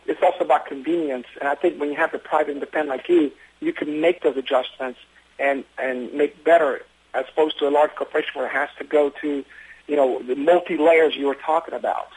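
A man who works as an emergency physician, telling stories in an interview with earnest, quick talk and frequent restarts. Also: on the high side, fairly even intonation, slightly rough, poor audio. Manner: fast, earnest storytelling with many restarts. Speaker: emergency physician running an urgent care. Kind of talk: interview conversation.

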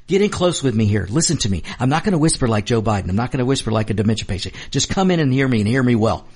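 A man's voice: medium pitch, expressive, rapid-fire, a little mellow, breathy edge. A man hosting a political commentary show, talking fervently and repetitively while addressing his audience directly.

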